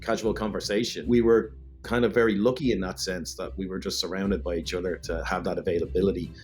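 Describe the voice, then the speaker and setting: A man's voice: low voice, steady tone, fast talker, a little mellow, faint music behind. A male actor reflecting earnestly on working with the cast in a cast interview.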